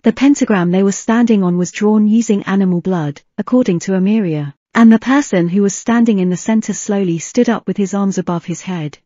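A woman narrating a fan fiction audiobook with a steady reading pace and an occasional slip. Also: mid-range voice, fairly quick, few pauses, no room sound, highs cut off.

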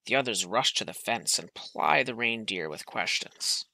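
A man reads a children's picture book aloud, his tone gentle and storytelling. His voice sounds very bright. The sound is dry and close, with no room around it. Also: lowish voice, lively intonation, moderate pace, dry recording. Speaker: reader.

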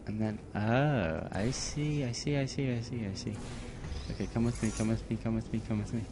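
A man's voice: fairly low pitch, normal speed, background noise. A man commentating on a game he is playing, muttering to himself with sudden bursts of outrage. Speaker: gameplay commentator. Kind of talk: let's play commentary.

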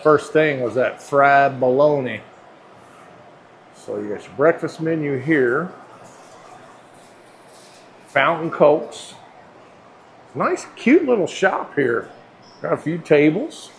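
A man's voice: on the high side, expressive, takes it slowly, long pauses, slight background noise, poor audio. A man, chatting casually and folksy as he films a food review vlog in a sandwich shop. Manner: folksy, chatty, playful slang. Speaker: food vlogger.

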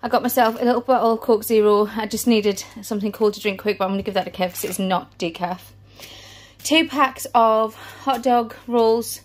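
Breathless chatty british mum. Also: female voice, a little high, moderate pace. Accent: British English. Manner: chatty, showing off shopping haul. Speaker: family vlogger. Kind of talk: casual vlog chat.

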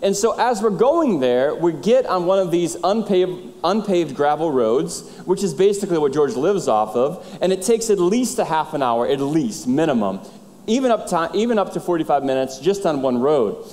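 A high-voiced middle-aged man preaching from the pulpit, telling a story with lively, animated delivery and acting out each person's lines. His voice carries a long reverb through a large church hall. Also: moderate pace. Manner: animated storyteller, acts out dialogue. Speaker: pastor. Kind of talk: sermon storytelling. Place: church sanctuary.

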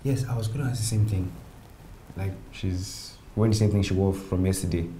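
Friendly young man, fast and low-voiced, played by a man. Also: fairly even intonation, warm tone, slight background noise, close to an everyday voice. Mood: casual. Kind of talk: film drama acting.

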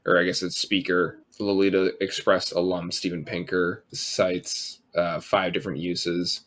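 Low-voiced man rambling on a podcast. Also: a little slow. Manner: relaxed, rambling, lots of um and sort of, swears freely. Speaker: podcast co-host. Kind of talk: casual podcast chat.

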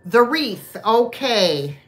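Slow, lively-voiced woman running a sale. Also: fairly high pitch. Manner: chatty, rambling, self-deprecating asides. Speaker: host of a live online sale. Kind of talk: casual live-stream selling chat.

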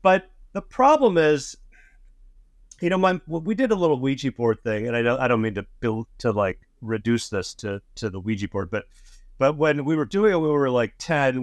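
A man talking casually with a guest, halting and searching for words with many ums. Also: medium pitch, no echo, studio quality. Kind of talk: casual conversation.

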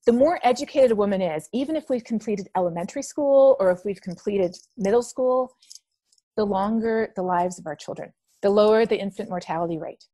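A middle-aged woman from Canada, a podcast guest telling stories in a lively conversational way. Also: medium pitch, brisk, no echo. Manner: animated storyteller acting out quoted dialogue.

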